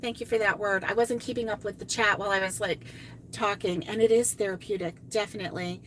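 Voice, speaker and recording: A woman with a mid-range, slightly bright voice hosts a crochet live stream at a brisk clip, her intonation fairly even as she reads viewer comments and chats. She gushes and exclaims often, over a faint hiss or hum.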